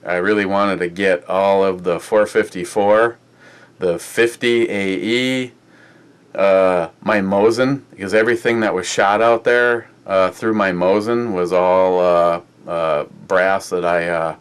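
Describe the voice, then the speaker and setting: The host of a beer review podcast chats casually, rambling, swearing, and filling his speech with lots of "uh." His voice is low, clear, and resonant, with fairly even intonation and an unhurried pace.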